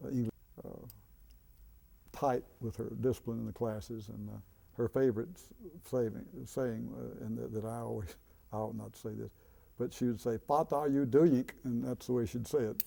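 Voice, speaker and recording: An older man in an interview, recalling his school teachers in a halting way, with many fillers. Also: fairly low pitch, creaky, warm tone, breathy edge. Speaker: interviewee, former student. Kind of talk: reminiscing interview.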